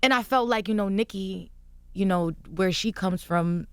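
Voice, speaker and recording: A young woman with a smooth, medium-pitched voice speaks at normal speed as a guest in a radio studio, recorded on a studio microphone with no room sound. Chatting casually, she tells an animated story and acts out what other people said.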